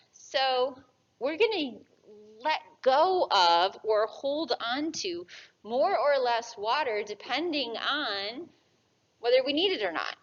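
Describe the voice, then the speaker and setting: A woman's voice: fairly high pitch, muffled recording. A woman teaching an anatomy class, asking students questions and tagging her points with "right?". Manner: lively, asks the class questions and answers them, tag questions. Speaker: anatomy lecturer. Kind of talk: classroom lecture.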